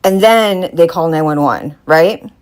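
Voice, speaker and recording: Brief: lower-voiced woman host, live true-crime commentary, questioning, thinking aloud. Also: a little slow, darkish tone. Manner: questioning, puzzled, talks it through aloud.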